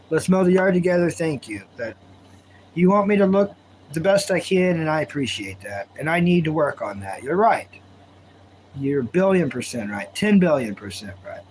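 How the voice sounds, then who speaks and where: A man with a fairly high voice hosts a relaxed live stream from home. He rambles in a folksy way, answering viewer comments and spinning stories. A faint hum sits underneath. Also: low-quality recording. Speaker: livestream host. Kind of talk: casual live-stream chat and storytelling.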